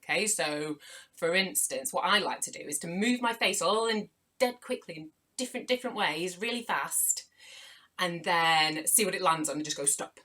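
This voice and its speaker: A young woman, a children's author, leading a live online writing workshop for young children, playful and animated, greeting viewers by name with frequent gasps. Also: on the low side, normal speed.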